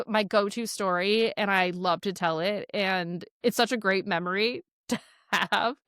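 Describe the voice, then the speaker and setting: A woman's voice: medium pitch, a bit bright, no room sound, studio quality. A woman in her forties, a podcast guest telling a story casually and animatedly, full of "like" fillers.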